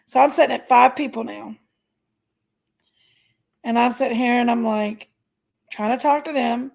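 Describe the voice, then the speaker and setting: A woman's voice: fairly high pitch, steady tone, normal speed, vocal fry. A woman, chatting casually on a livestream and telling a story. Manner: chatty storytelling, venting, thanks viewers. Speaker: livestream host.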